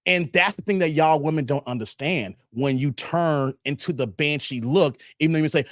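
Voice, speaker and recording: A man's voice: on the high side, big pitch swings, moderate pace, fairly bright tone, dry recording, clean studio sound. A middle-aged man hosting a live stream, chatting casually with his viewers and reading their comments aloud. He laughs often, repeats his phrases, and his voice is tired from hours of streaming.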